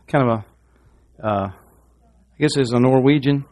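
Preaching at a measured pace, a middle-aged pastor addresses his church congregation with questions. He moves back and forth between loud, rousing passages and quiet, low ones.

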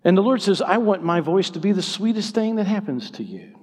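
A man preaching a sermon with passion, his voice swinging between hushed, tender stretches and loud, soaring exclamations. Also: high voice, big pitch swings, fairly quick. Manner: impassioned, swinging from hushed to shouting. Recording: long hall reverb.

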